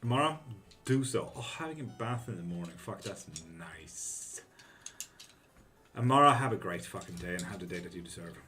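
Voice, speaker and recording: A man's voice: low-pitched, expressive, moderate pace, sharp tone, a little hiss or hum. A man hosting a casual livestream tarot reading who reads viewers' questions aloud and answers them bluntly, swearing freely.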